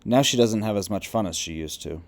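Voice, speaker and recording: A man reading the quoted words of a depressed male spirit, lost and angry, in a low, quiet, subdued voice. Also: brisk, natural voice. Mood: resentful.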